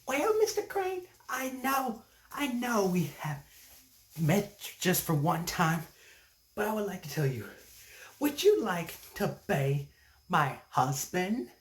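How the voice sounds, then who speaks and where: A squeaky, high-pitched female kangaroo, put on by a man in a comic stand-up bit, flirting and pleading with swooping, lively lines. She sounds roomy and distant, with echo around the voice. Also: takes it slowly, heavily acted. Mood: flirtatious. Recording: echoey room, mic at a distance.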